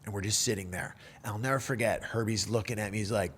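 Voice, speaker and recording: A man telling a personal surfing story in a casual, animated way, full of surfer slang and fillers. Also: on the low side, fast talker, breathy edge.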